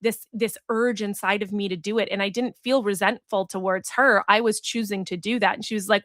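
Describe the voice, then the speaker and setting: A woman's voice: medium pitch, fairly even intonation, brisk, a bit bright, no room sound, clean studio sound. A woman hosting a solo podcast, telling a story in an earnest, reflective way and acting out the voices she quotes. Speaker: podcast host and business coach.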